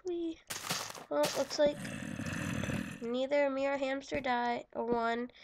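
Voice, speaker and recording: Gravelly slow-talking woman narrating gameplay. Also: sits high, background noise. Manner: chatty, giggly, self-correcting. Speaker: gaming channel host. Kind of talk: casual let's-play commentary.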